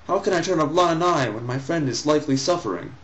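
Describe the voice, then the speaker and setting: A man's voice: fairly high pitch, expressive, quick pace, muffled recording, pitched above the performer's own voice, natural voice. A man voicing an earnest young man who pleads with his mother for a lost friend, read aloud from a story. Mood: pleading.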